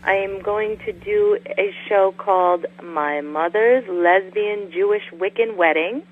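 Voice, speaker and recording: A little slow and mid-range, the voice belongs to a voice actress being interviewed casually over the phone. She's long-winded and chatty, and the call audio is tinny with faint noise.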